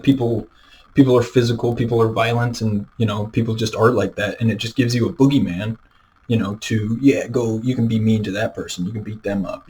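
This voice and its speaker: A man's voice: lowish voice, low-quality recording. A man ranting straight to his own camera in a loose, rambling way, full of fillers and restarts. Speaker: video creator. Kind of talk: unscripted rant to camera. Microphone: camera mic, self-filmed.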